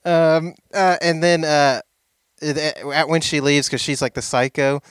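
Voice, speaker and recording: A man's voice: fairly high pitch, fairly even intonation, unhurried, noisy background. A man co-hosting a casual movie review podcast, giggling often as he tells his story. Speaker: podcast co-host.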